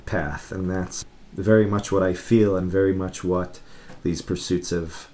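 A man's voice: deep voice, fairly even intonation, unhurried, warm tone. A man telling a story as a guest in a casual conversation, chatty and laughing between phrases. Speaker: podcast guest.

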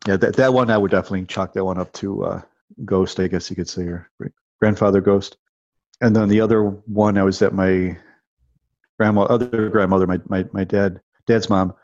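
A man's voice: low voice, steady tone, moderate pace, darkish tone, dry recording. A man in his fifties casually telling a personal story, rambling, restarting and repeating himself a lot. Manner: rambling, restarts and repeats words, lots of "you know" and "like". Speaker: guest telling personal stories. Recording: dull dry lo-fi recording.

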